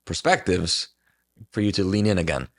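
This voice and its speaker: Man, low voice, gravelly, reflective, casual chat, podcast guest. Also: fairly bright tone. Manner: reflective, drawn-out phrasing with many fillers.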